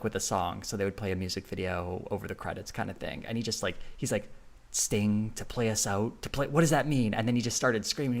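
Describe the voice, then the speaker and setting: Gravelly low-voiced man chatting on stream. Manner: rambling, filler-heavy, laughs often. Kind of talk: casual live-stream chat.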